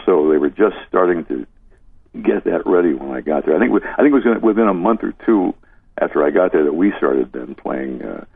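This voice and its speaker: A man's voice: deep voice, expressive, fairly quick, gravelly, breathy edge, no room sound. An older man, a former disc jockey, telling stories in an interview, rambling and chuckling as he goes. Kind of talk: reminiscing interview. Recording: dry tinny phone line.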